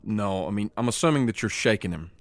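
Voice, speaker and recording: Male game master, lowish voice, unhurried scene narration. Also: lively intonation, dry recording. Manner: slows down for dramatic scene narration.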